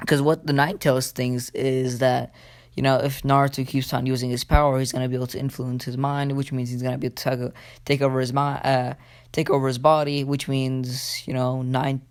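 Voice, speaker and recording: A man's voice: medium pitch, vocal fry. A man casually telling a fan story, rambling and swearing with many fillers.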